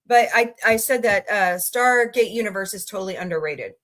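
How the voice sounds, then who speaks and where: Bright-voiced chatty woman streamer from Missouri. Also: on the high side, expressive, normal speed, hardly any pauses. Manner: chatty, rambling, greets viewers and reacts to chat. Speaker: livestream host. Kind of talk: casual livestream chat.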